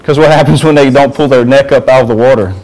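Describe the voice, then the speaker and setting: A man's voice: medium pitch, fairly even intonation, fast, a little mellow, low-quality recording. A man giving an informal sermon to a youth group, talking conversationally and asking the group questions.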